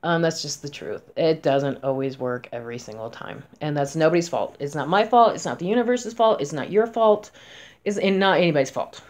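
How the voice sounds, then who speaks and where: Lively chatty woman in her forties. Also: low voice, fairly quick. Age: 40s. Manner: chatty, emphatic, swings between loud and soft. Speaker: spellcaster. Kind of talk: casual talk to camera.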